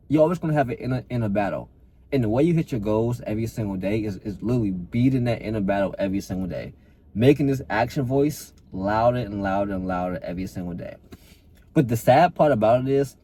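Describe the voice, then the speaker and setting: Husky-voiced man giving a blunt pep talk. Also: medium pitch, mellow. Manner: addresses listener as bro. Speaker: fitness coach. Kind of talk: motivational talk to camera.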